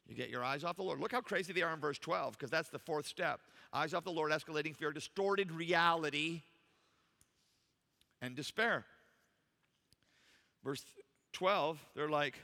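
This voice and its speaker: A man's voice: fairly high pitch, lively intonation, normal speed, vocal fry, sharp tone, long reverb tail. A man preaching a sermon in a church, emphatic and full of rhetorical questions to the congregation. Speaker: pastor. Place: church sanctuary.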